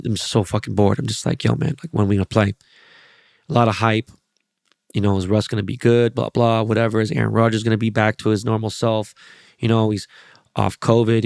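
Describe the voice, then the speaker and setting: A man in his forties hosts a casual podcast monologue, his gravelly voice sitting at ordinary pitch. His stories ramble, he swears freely, and his energy stays up. The close mic yields a dry recording with no room in it.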